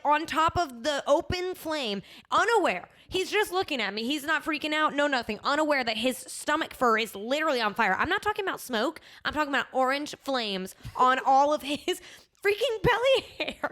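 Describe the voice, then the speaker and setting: Animated young woman podcast host. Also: high voice, moderate pace. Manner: animated storyteller, full of "like". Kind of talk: casual chat.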